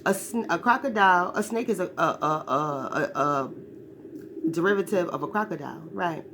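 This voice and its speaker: A woman's voice: lowish voice, lively intonation, normal speed, noisy background. A woman delivering a blunt, profane ranting monologue. She repeats her points and keeps asking "right?" for agreement. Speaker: speaker giving a spiritual-political briefing.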